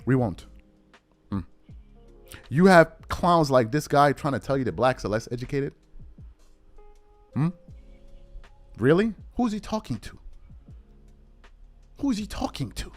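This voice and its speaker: A man delivering a heated, indignant commentary monologue as a YouTube commentator, emphatic and given to repeating words for stress. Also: on the high side.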